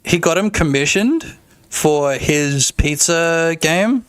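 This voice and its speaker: Excitable, swearing male game-dev streamer. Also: fairly high pitch, slow, clear, resonant tone. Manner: excitable, profane, rambling. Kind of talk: casual livestream chat.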